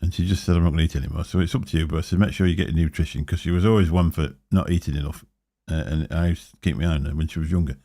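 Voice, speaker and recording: A man's voice: very deep voice, steady tone, racing, few pauses, mellow, no room sound. A middle-aged man co-hosting a casual livestream chat, rambling and correcting himself as he talks. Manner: rambling, self-correcting, chuckling. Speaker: co-host of a live vaping chat show.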